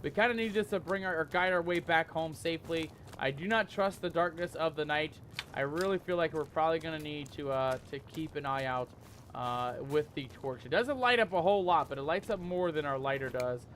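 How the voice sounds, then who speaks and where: Brief: male let's-play host, high-pitched, excitable and jumpy, faint background hiss. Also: fairly quick. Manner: jumpy, excitable, loud when scared; calls viewers "mateys". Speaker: gaming YouTuber.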